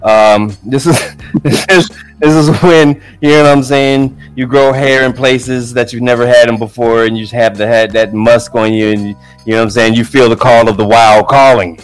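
A man's voice: mid-range voice, steady tone, moderate pace, faint music behind, rough recording. A man telling a story in casual chat. He talks with profanity and acts out the quotes with a lot of energy. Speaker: podcast co-host, father.

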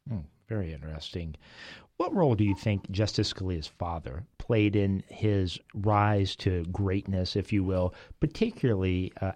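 A man hosting a podcast, asking an interview guest measured, formal questions. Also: deep voice, a little mellow, no room sound.

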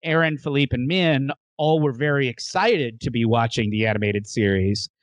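A man's voice: mid-range voice, moderate pace, no room sound. A man hosting a casual podcast, teasing his co-hosts with dry jokes and mock critiques. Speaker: podcast host.

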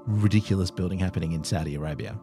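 A man's voice: low-pitched, very fast, warm tone, faint music behind. A man co-hosting a podcast, chatting casually and teasing his co-host with dry jokes. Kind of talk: casual chat.

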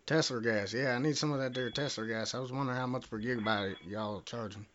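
A bumbling, foul-mouthed man with a Southern US drawl rambles through a prank phone call, stumbling over his words. His voice sits at an ordinary middle pitch. The audio is a little muffled and dull. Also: steady tone, fast talker, a bit bright. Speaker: prank caller.

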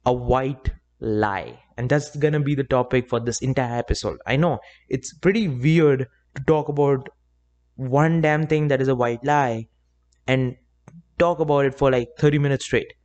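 A man's voice: mid-range voice, normal speed, darkish tone, dull audio. Give me a young man hosting a chatty solo podcast, rambling and poking fun at himself. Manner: rambling, self-joking, chatty asides. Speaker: podcast host. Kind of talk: casual solo podcast monologue.

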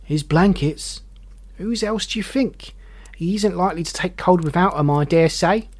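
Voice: medium pitch, moderate pace, a little mellow, lightly acted. A reader voicing a coarse old woman who boasts defensively. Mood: brash. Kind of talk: audiobook character voice.

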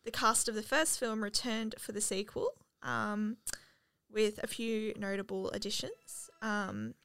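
A woman's voice: mid-range voice, animated, measured pace, fairly bright tone, smooth, dry recording. A woman co-hosting a casual film podcast, reading facts with lots of ums. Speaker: podcast co-host.

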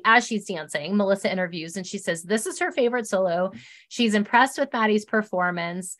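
A woman co-hosting a podcast, chatting casually and telling the story in an animated way. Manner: animated storytelling, mimics others in high voices. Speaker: podcast co-host recapping a reality show. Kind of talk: casual chat.

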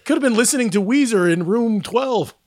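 A man's voice: very high-pitched, lively intonation, brisk, darkish tone, no room sound, studio quality. A man in his thirties co-hosting a podcast, telling stories and acting out quotes in casual chat. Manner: storytelling with acted-out quotes. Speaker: podcast co-host.

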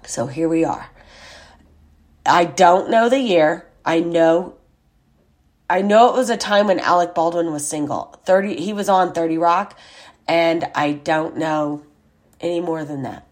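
A woman's voice: fairly low pitch, unhurried, long pauses. A woman hosting a podcast, telling a rambling personal story in a chatty, casual way with lots of fillers and asides. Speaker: podcast host.

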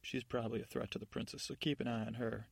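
Man softly voicing a sly witch godmother. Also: medium pitch, flat delivery, quick pace, creaky, breathy edge, no room sound. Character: scheming female fairy godmother witch.

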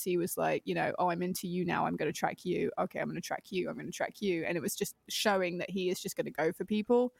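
A woman's voice: fairly low pitch, vocal fry, no echo. British woman, podcast host, giggly rambler, dry close sound. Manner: giggly, rambling, playfully over the top. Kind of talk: casual chat.

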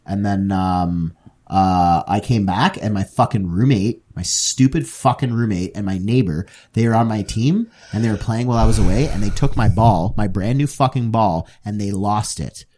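Animated swearing young man telling stories. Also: on the low side, normal speed. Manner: animated, swears a lot, jumps into mock quotes. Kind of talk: casual chat, storytelling.

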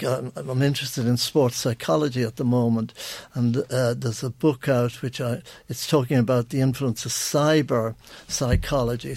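A man's voice: medium pitch, darkish tone, dry recording. An older man with an Irish accent, a guest on a radio show, telling rambling anecdotes full of restarts. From Ireland. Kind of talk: radio interview.

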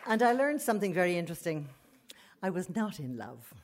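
A woman telling a comic personal story live, animated and full of laughing asides. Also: fairly low pitch, a little fast.

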